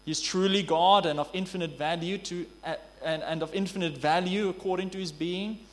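A man preaching a sermon in an earnest way, asking rhetorical questions and drawing out key words slowly. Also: high voice, steady tone. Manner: earnest, rhetorical questions, slow emphatic stresses. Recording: long hall reverb.

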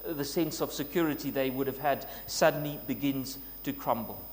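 A man's voice: mid-range voice, normal speed. A man preaching a sermon in an earnest way, building to emphatic scripture quotes. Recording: long reverb, faint noise with hum.

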